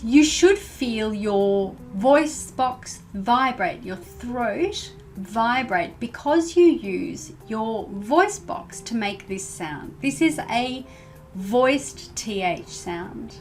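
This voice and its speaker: A woman teaching English pronunciation, speaking clearly and carefully and modelling words for learners to repeat. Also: on the high side. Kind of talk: pronunciation lesson.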